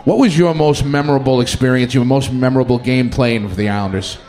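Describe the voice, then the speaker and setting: Conversational male co-host, mid-pitched. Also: a little fast, a little mellow. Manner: stumbling, conversational questions. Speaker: co-host interviewer. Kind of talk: live interview.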